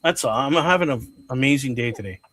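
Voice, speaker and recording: A man co-hosting a live watch-along show, eager and excitable, laughing often. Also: medium pitch, quick pace, no echo. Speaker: co-host.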